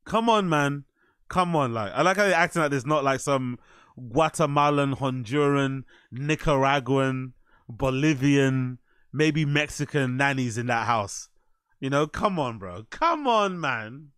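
A man's voice: mid-range voice, measured pace, smooth, no echo. Incredulous man, dry close sound. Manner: incredulous, animated, swears often. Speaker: streamer reacting to a podcast clip. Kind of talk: live reaction commentary.

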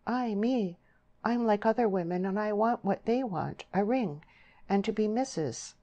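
A woman's voice: mid-range voice, a little slow, dark tone, pitched above the performer's own voice, natural voice. A woman voicing an earnest young countrywoman who speaks in rustic dialect, pleading and proud. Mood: distressed.

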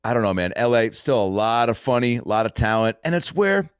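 Animated male podcast host telling stories. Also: medium pitch, fairly quick, clear, resonant tone, no room sound, clean studio sound. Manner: animated storyteller, swears freely. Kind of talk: casual podcast chat.

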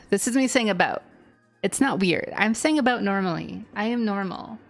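A woman hosts a live game stream, voicing the dialogue as she goes and dropping chatty, self-mocking asides between the lines. Her voice sits at an ordinary middle pitch. Soft music plays faintly underneath. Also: moderate pace.

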